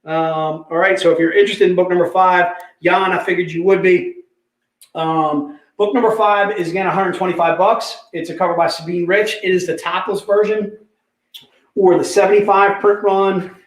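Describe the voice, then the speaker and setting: A man hosting a casual livestream sales pitch, chatty, repeating prices and item numbers, calling viewers "dude". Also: fairly even intonation, normal speed, reverberant, poor audio.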